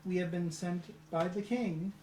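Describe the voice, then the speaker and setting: A woman's voice: fairly low pitch, steady tone, a little slow. A woman speaking as her character in a tabletop game, earnest and formal in tone. The room around her is echoey, with a faint hiss of noise. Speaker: player.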